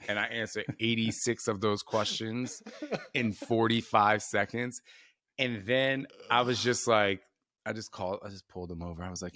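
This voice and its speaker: A man in his forties hosts a podcast in a very low, deep voice, recorded dry and close. He chats casually and laughs between phrases. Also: fairly even intonation, moderate pace, bright, forceful tone, no room sound. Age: 40s. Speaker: podcast host. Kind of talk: casual conversational interview.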